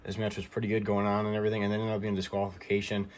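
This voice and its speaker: A man's voice: fairly low pitch, completely flat delivery, racing. A man casually recapping a wrestling show, rambling with fillers and giving blunt opinions.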